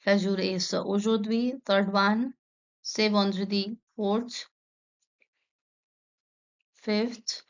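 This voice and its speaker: A woman teaches a French lesson, going through conjugations one step at a time and translating each phrase. Her voice has a gravelly fry in it. The recording sounds dull and lo-fi. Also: medium pitch, little pitch movement, extremely slow, long pauses. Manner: methodical, reads French then translates. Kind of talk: explaining a textbook lesson.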